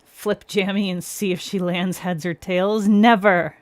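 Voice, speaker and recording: Woman, live-stream host, smooth clear voice, dry close sound, chatty, laughs a lot, talks through each step. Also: fairly low pitch, little pitch movement, a little slow, a little mellow, no room sound. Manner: chatty, laughs often, talks to viewers by name; explains step by step while working. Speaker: nail art livestream host. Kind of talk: casual live-stream chat.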